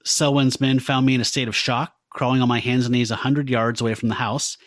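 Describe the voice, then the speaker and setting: A man recaps a horror comic in casual podcast talk, playful and easygoing. His voice sits at a middle pitch, and the recording is dry and close. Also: little pitch movement, a little fast, no echo. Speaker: podcast co-host. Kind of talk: casual comic book discussion.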